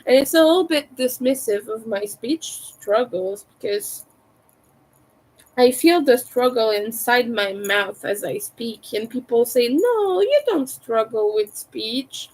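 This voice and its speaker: French-accented woman streamer, unhurried, slightly high voice, crisp T's. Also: rough recording. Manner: carefully overpronounces her T's. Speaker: crochet livestreamer. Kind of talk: casual livestream chat.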